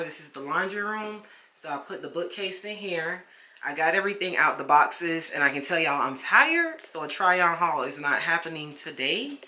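Casual woman vlogger at home, bright voice, lots of room echo. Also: sits low. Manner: chatty and easygoing, calls the viewer "child". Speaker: lifestyle vlogger. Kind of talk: casual chat to camera. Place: home, indoors. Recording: echoey room.

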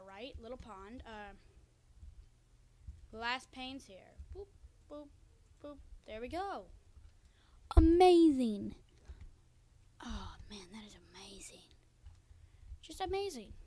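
A woman with a high voice chats excitedly to her viewers as she plays a game. She talks casually from a room at home, recorded on a cheap desk microphone. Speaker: gaming video creator. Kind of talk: casual Let's Play commentary.

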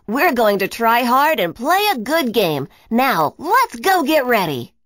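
An upbeat coach, played by a woman reading aloud rallies his team firmly and cheerfully. The voice is louder than her narration. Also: fairly high pitch, sing-song, a little slow, dry recording, studio quality, pitched above the performer's own voice. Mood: encouraging. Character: upbeat encouraging male coach.

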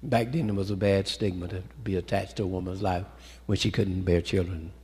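A man preaching a sermon, swinging from loud calls to hushed storytelling and calling out to the congregation, in a church sanctuary. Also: low voice, fairly even intonation, brisk, breathy edge. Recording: echoey hall with long reverb.

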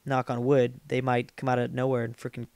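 A man's voice: medium pitch, monotone, a little fast, darkish tone, no room sound. A man casually commenting while playing a strategy game, rambling and poking fun at himself as he thinks aloud. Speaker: let's play gamer.

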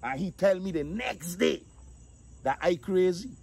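A man, animated casual storytelling, acting out the voices of the people in his story. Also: sits high, unhurried, gravelly. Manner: animated, acts out quotes, repeats 'dog'.

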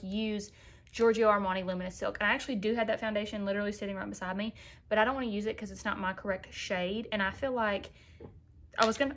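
A woman's voice: mid-range voice, a bit bright. A young woman talking casually to viewers in a makeup tutorial, chatty and sassy, calling them girl. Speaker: beauty vlogger.

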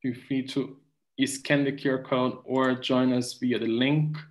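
A man hosts an online webinar at a slow, easy pace, reading out where the audience is joining from. His pitch sits in the middle range. It sounds like a video call. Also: flat delivery, poor audio. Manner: unhurried, reads out audience chat. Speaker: webinar moderator.

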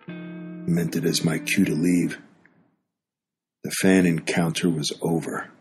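A man's voice: low-pitched, flat delivery, takes it slowly. A man narrating a scripted memoir in a dry, wry storytelling manner. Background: guitar music.

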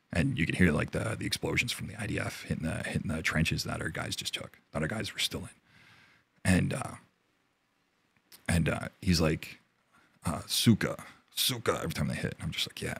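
Telling a war story as an interview guest, a Canadian army veteran speaks in a husky, very deep voice roughened by fry. He's profane and halting, frequently restarting sentences. The close, dry recording has a bit of brightness and no room sound.

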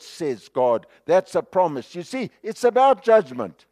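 A South African man preaches with real fervor, his voice sitting high and his pace slow and deliberate. He swings from loud, pleading outbursts down to near-hushed asides. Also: sing-song. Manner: impassioned, dramatic shifts between loud and hushed. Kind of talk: sermon.

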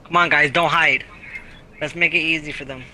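A man's voice: fairly high pitch, fairly even intonation, normal speed, crowd noise, poor audio. A young man playing a game with friends, teasing them, laughing and trash-talking. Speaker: gaming teammate. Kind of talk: casual gaming chat with friends.

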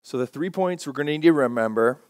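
Pastor guy preaching, repeats the big lines slow, mid voice, dry close sound. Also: mid-range voice, animated, no room sound. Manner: emphatic, repeats key phrases slowly. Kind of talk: sermon. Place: church.

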